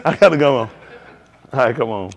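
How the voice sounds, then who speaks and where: A man preaching in a casual, conversational style, swinging from quiet to loud and acting out conversations. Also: mid-range voice, fairly quick, highs cut off. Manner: animated, shifting between quiet and loud, acts out dialogue. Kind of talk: livestreamed sermon.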